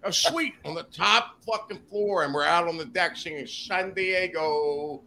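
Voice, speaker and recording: A man's voice: a little high, unhurried, sharp tone, a little hiss or hum. A man guest on a casual podcast, telling profane, rowdy anecdotes and acting out the quotes. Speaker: podcast guest, reptile breeder. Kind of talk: casual storytelling chat.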